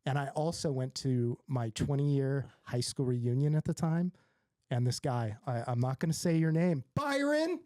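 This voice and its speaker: A man in his forties from Southern California, a podcast guest telling stories about his life in an animated, self-mocking way and acting out other people's lines. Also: medium pitch, moderate pace, dry recording, studio quality. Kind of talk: casual storytelling.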